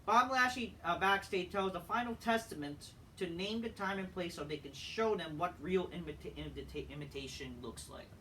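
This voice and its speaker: A man reviewing a wrestling show in a profane, exasperated rant, full of rhetorical questions, swinging from loud outbursts to flat mutters. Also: fairly high pitch. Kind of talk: ranting solo show review. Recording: distant mic, faint background noise.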